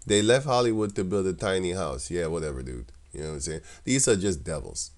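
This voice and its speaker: A man with a deep, low voice talks through scripture in a casual, rambling way. He laughs often and his tone is mocking and scornful, with frequent restarts. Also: expressive, fairly quick. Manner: loose and rambling, with many restarts. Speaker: religious commentator.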